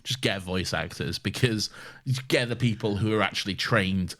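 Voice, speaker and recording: A man's voice: on the low side, moderate pace, fairly bright tone. A man co-hosting a podcast in casual film chat, swearing freely, ranting and laughing often. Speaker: podcast co-host.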